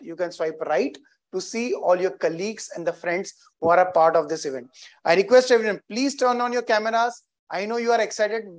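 An Indian-accented man hosts a virtual corporate event with a high, bright voice. He talks with lots of energy and urges the audience on with repeated rallying calls. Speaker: event host.

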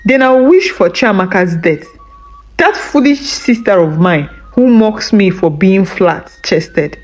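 A woman's voice: mid-range voice, lively intonation, measured pace, natural voice. A woman voicing a greedy, scheming village wife who scolds and threatens sharply.

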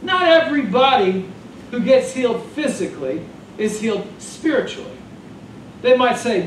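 A man preaching a sermon as pastor, animated and joking in a conversational way. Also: sits high, normal speed, slight background noise. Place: church sanctuary. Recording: echoey room from far off.

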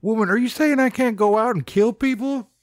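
A man's voice: very high-pitched, fairly quick, no room sound, clean studio sound, voice pushed up. A man voicing a hillbilly axe-man in a bunny costume, snarling threats in a raised voice. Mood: menacing.

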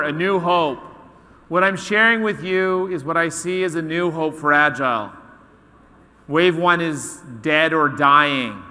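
A man giving a keynote talk to an audience, telling a story in an animated way and acting out the voices of its characters. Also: a little high. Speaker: conference speaker. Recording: long hall reverb.

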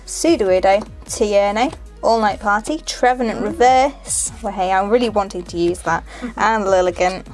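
A young woman hosting a card-opening video, chatty and giggly, repeating herself as she reads out each card. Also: fairly high pitch. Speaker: channel host opening card packs. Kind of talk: casual chat while opening booster packs. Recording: faint music behind.

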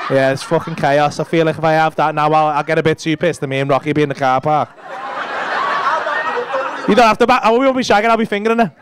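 A stand-up comedian doing crude, teasing crowd work on a club stage. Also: male voice, high-pitched, fairly even intonation, quick pace, a little hiss or hum. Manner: crude, teasing banter with the audience. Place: comedy club stage before a live audience. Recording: live club recording with loud crowd laughter.

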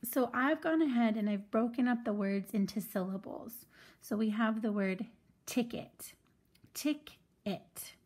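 A woman's voice: on the high side, moderate pace, a little mellow. A woman teaching a phonics lesson to children, patiently sounding out words syllable by syllable.

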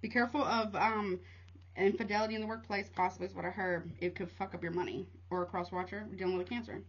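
A woman's voice: mid-range voice, steady tone, quick pace, husky, dull audio. A young woman giving a casual tarot reading, rattling off card meanings in a chatty way and calling listeners honey. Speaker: tarot reader.

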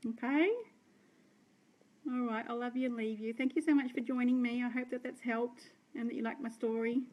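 An Australian woman, a sales director, chatting and rambling warmly to her team on a live stream. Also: fairly high pitch, fairly even intonation, moderate pace, highs cut off. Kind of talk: live-stream talk to viewers.

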